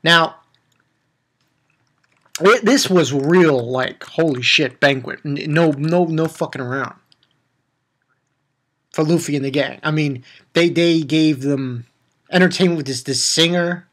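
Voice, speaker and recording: A man's voice: fairly high pitch, a little slow, pauses often, a bit bright. A man casually recapping an anime episode, rambling with laughs, swearing and acted-out quotes. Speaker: anime reviewer.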